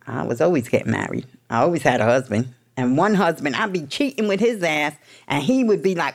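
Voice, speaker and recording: Blunt, gravelly New York woman. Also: deep voice, expressive, a little fast. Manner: blunt, profane, street-tough. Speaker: speaker sharing a recovery story. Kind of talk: candid storytelling.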